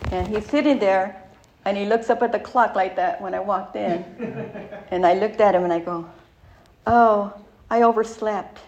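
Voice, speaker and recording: A woman's voice: medium pitch, noisy background. A middle-aged woman giving a candid, rambling personal recovery share, with many fillers and asides.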